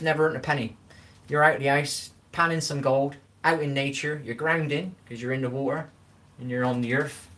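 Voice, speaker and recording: A man's voice: mid-range voice, steady tone, normal speed, a bit bright. A middle-aged man hosting a casual livestream, reading viewer comments aloud and giving folksy advice while stumbling over names. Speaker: livestream host.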